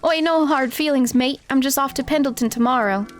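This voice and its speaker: A woman's voice: high voice, brisk, natural voice. A woman reading the lines of a scrappy, cheeky male street-raised critter from a cozy game.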